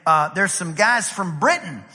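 A man's voice: sits high, measured pace. A man from East Texas with an East Texas accent, a pastor preaching a storytelling sermon and acting out the dialogue. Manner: animated, acts out dialogue in the story. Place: church sanctuary. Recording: reverberant church hall.

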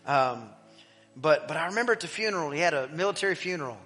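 A middle-aged pastor's voice, bright and forceful, a touch higher than most men's. He swings easily from loud, emphatic bursts down to near-whispered passages. The sermon rings through a long church reverb with faint music underneath. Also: fast. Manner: animated storyteller, swinging from loud emphasis to hushed. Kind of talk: sermon with personal storytelling. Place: church sanctuary.

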